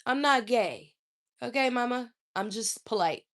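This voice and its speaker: Sassy woman going off on a livestream, swearing a lot, slow drawl, bright voice. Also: a little high, expressive. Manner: sassy, profane and indignant. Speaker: livestream host. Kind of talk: casual livestream rant.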